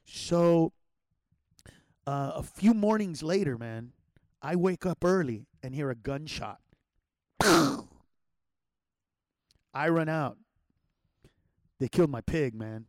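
A man's voice: medium pitch, slow pace, pauses often, darkish tone, no echo, studio quality. A man telling a childhood story in a loose, rambling way, with slang and many restarts. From Los Angeles area. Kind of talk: casual personal storytelling.

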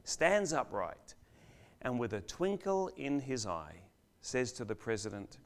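Preaching as a guest in a church, an older man with a lowish voice and lively intonation tells a story marked by dramatic pauses. He booms on his questions and drops almost to a whisper for the key lines.

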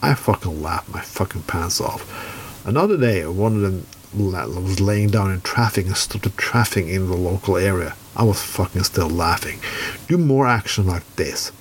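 A man's voice: deep voice, normal speed, a little hiss or hum. A man from Norway with a Norwegian accent, giving a furious political rant full of swearing. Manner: heavy swearing, furious and blunt.

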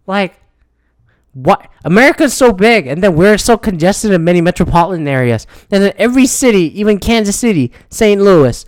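A man with a slightly high voice rants in a casual, frustrated way, swearing constantly and stumbling over restarts. The sound is dry and close. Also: animated, moderate pace, no room sound. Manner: profane, frustrated, rambling with restarts. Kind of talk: casual rant.

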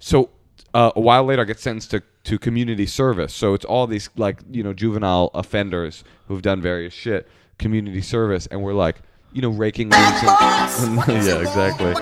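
Animated, profane comedian telling stories. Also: male voice, on the low side, fairly quick, faint music behind. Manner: animated, profane, acts out shouted quotes. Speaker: comedian guest. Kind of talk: casual podcast storytelling.

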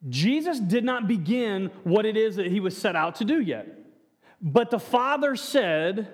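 Male pastor, high voice, preaching casually with restarts and questions to the pews; long hall reverb. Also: lively intonation, a little slow. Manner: frequent restarts, rhetorical questions to the congregation. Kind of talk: conversational sermon.

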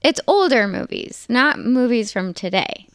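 A young adult woman chatting casually as a panelist, easygoing and quick to laugh. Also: on the high side, expressive, clean tone, dry recording, studio quality.

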